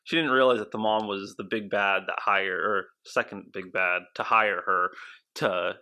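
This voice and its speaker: A man co-hosting a podcast who theorizes in an animated, rambling way, with frequent restarts. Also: fairly low pitch, moderate pace. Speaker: podcast co-host. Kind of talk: casual podcast chat.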